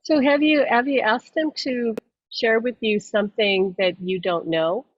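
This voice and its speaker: A woman who is a host and psychic medium chats casually while explaining things, rambling, restarting sentences and often breaking into laughter. Her voice is on the high side, steady and a little slow. The recording sounds dull, dry and lo-fi.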